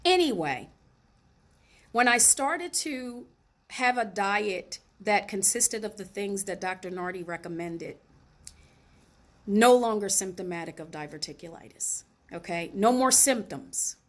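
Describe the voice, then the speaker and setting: A woman hosting her own show, telling a personal story in a casual, animated way and addressing her viewers directly. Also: medium pitch, a little slow. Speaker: host.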